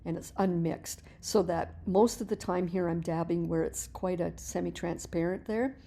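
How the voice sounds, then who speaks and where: A middle-aged woman teaching mixed-media painting in a relaxed, chatty voice-over, explaining each step as she works and often restarting her words. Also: lowish voice, normal speed, gravelly. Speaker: art teacher.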